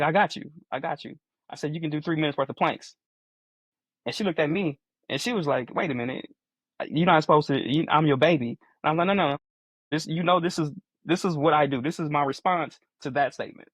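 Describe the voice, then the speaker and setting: Earnest guy in his 40s on a podcast, mid pitch, repeats himself a lot, dry close mic. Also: no room sound. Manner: earnest, repeats phrases while explaining. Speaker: podcast co-host. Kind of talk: casual podcast chat.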